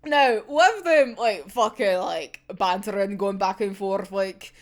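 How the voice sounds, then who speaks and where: A woman's voice: medium pitch, slow. A young woman in casual, sweary reaction chat, giggling often as she talks. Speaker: manga reaction vlogger.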